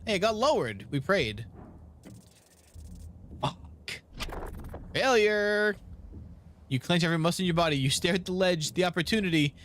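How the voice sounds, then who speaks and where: A man's voice: high-pitched, expressive, fairly quick, a bit bright, slight background noise. A young man playing a game on video, reading its text aloud and reacting with laughs and groans at failed rolls. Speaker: gaming video creator.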